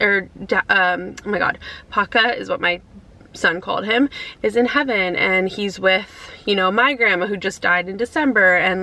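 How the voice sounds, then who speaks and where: A woman in her thirties chatting casually to camera from her car, emotional and near tears, halting with many fillers. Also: medium pitch, sharp tone, low-quality recording. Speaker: vlogger. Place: inside a car.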